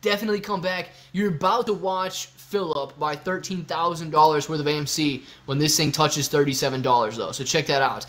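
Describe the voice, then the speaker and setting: A man hosting a casual live stream, chatty and excitable, talking straight to his viewers. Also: fairly high pitch, moderate pace. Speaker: livestream host.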